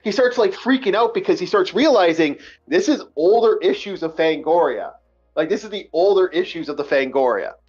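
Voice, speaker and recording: An animated, profane man tells a casual story in a high voice and acts out each exchange. The recording is dull and lo-fi, with faint music underneath. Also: fairly quick, breathy edge. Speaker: podcast host telling a story.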